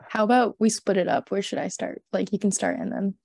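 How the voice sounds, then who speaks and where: A woman's voice: medium pitch, fairly even intonation, brisk, creaky, darkish tone, no echo, clean studio sound. A young woman hosting a casual livestream, chatting and reading scary stories aloud with frequent giggles. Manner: giggly, chatty, reads with laughs. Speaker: stream host.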